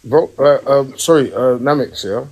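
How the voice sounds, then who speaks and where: A man hosting a podcast live stream from home, ranting emphatically in casual chat and rising in pitch when worked up. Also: normal speed, darkish tone, poor audio. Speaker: podcast host. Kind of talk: heated casual rant.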